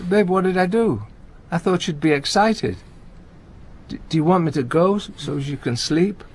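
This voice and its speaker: An actor playing a gentle, anxious older comedian in a radio play, talking in halting, stammering restarts. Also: male voice, high-pitched, expressive. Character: aging male comedian, gentle, anxious, talkative. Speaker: visiting friend and comedy partner.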